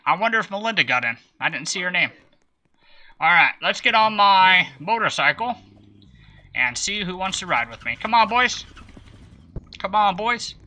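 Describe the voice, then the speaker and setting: Bright, playful man streaming a game. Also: sits high, rough recording. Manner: playful, chatty, greets viewers by name. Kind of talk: live game stream commentary.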